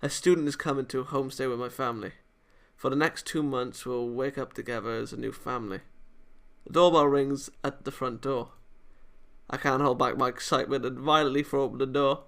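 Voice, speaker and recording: A man reads the narration of a visual novel for his channel, now and then breaking into excited asides. His voice is bright and forward, with a smooth, crisp clarity. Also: mid-range voice, a little fast. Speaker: gaming channel host. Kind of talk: reading a visual novel aloud.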